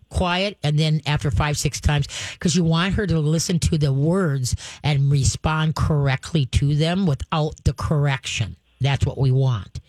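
A woman's voice: low voice, a little mellow, dry recording. Woman dog-trainer host for a call-in show, folksy and chatty, dry close mic. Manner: folksy, chatty, acts out firm dog commands. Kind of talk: casual call-in advice.

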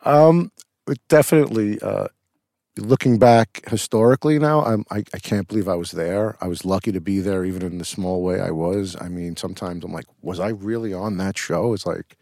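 A man's voice: sits low, fairly even intonation, fairly quick, creaky, warm tone, no echo, clean studio sound. A middle-aged man, an actor, telling rambling stories with restarts and casual swearing in an interview.

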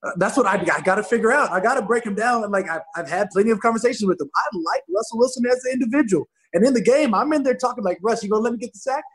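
A man chatting as a guest on a podcast, telling animated stories and acting out quoted voices. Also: very high-pitched, racing, few pauses. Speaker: guest football player. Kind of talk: casual podcast chat.

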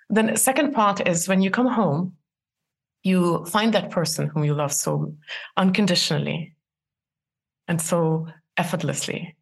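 Gravelly-voiced woman giving earnest advice. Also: on the low side. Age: 40s. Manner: earnest, laughs often, many restarts. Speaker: guest. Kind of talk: interview conversation.

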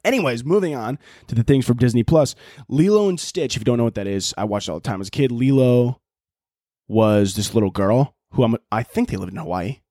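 A young Chicago man with a local accent hosts a podcast, delivering a rambling, profane comedic monologue and laughing often. His mid-range voice is expressive, brisk and dark-toned, recorded in studio quality with no echo.

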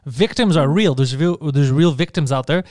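High-voiced profane podcast host. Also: male voice, normal speed, no room sound, clean studio sound. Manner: profane, animated, laughs often. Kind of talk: casual chat.

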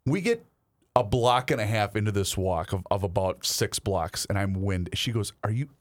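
A man co-hosting a casual chat show, telling stories in a relaxed, chatty way. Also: fairly low pitch, normal speed. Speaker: co-host.

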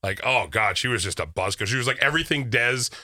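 A man's voice: medium pitch, fast talker. A man co-hosting a show, telling a story in casual chat and acting out the voices of the people in it. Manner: animated, acts out voices in his stories. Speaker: radio show co-host.

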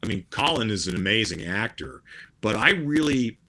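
A man's voice: fairly low pitch, animated, normal speed, bright, forceful tone. A middle-aged man chatting casually as a podcast guest, rambling with many restarts and fillers. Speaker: guest musician.

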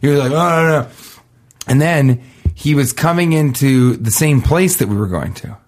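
A man co-hosting a podcast, telling casual comic stories and acting out the people in them with sudden jumps in pitch. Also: animated, normal speed, a little mellow. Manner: acts out quoted voices, jumping pitch. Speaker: podcast co-host. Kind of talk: casual comedic storytelling.

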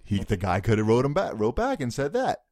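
A young man co-hosting a casual podcast chat, relaxed and joking, laughing often. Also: mid-range voice, fairly quick, no echo, clean studio sound. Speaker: podcast co-host.

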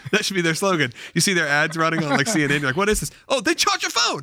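A man who has school-age kids, hosting a podcast, chatting casually and reading sponsor ads in an animated, jokey way. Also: fairly high pitch, racing, background noise. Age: adult with school-age children. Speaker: podcast host. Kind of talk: casual chat and host-read ad.

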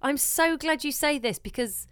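A woman's voice: high-pitched, normal speed, a bit bright. A woman in her thirties, co-hosting a casual chat and telling everyday stories with casual swearing, acting out what she said to people. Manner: chatty storyteller who swears and acts out her own quotes. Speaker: podcast co-host.

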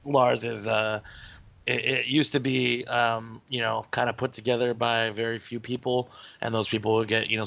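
A man talking as a guest in a casual podcast chat, halting with many fillers. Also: fairly low pitch, creaky, fairly bright tone, lo-fi sound.

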